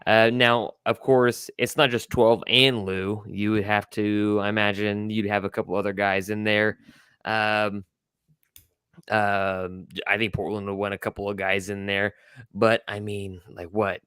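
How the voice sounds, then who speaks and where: Man, low smooth resonant voice, dry close sound, blunt, stumbles into restarts, casual sports chat. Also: little pitch movement, measured pace, a bit bright, no echo. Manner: blunt opinions, often trips over restarts. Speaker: podcast co-host.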